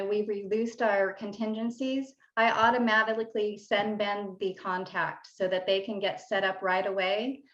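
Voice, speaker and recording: A woman's voice: mid-range voice, a bit bright, echoey room, highs cut off. A woman real estate agent hosting a panel and asking guests questions in a friendly way. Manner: friendly interviewer.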